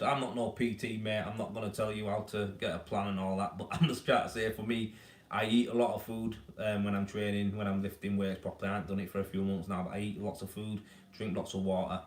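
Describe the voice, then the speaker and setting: A man with a Yorkshire accent, chatting casually and matily to viewers on a live stream about his rendering work. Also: on the low side. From Yorkshire, England. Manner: laid-back, matey, rambling. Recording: echoey room, mic at a distance.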